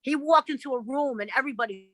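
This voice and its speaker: A woman gives a podcast interview, her high voice crisp and bright. She tells her stories bluntly and with plenty of swearing, slipping into the voices of the people she quotes. The recording is dry and close. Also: quick pace, no room sound, poor audio. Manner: blunt, profane and animated, acting out the voices of others in her stories. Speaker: interview guest. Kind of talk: casual interview storytelling.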